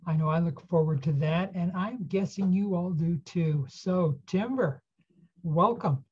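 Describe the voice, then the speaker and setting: A woman introduces the next speaker at a service, speaking very slowly. Her voice is soft and breathy, lowish for a woman. The recording sounds dull and lo-fi.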